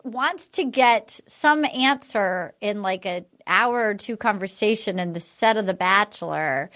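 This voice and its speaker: A woman's voice: mid-range voice, lively intonation, a little slow, fairly bright tone. A woman hosting a casual podcast chat, recapping at length in a rambling way with many fillers. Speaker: podcast host.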